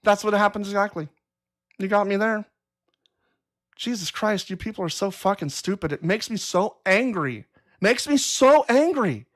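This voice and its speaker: Reading out chat comments on her live stream, a woman replies bluntly, profanely and with exasperation in casual talk. Her mid-range voice holds a steady tone at normal speed, broken by long pauses.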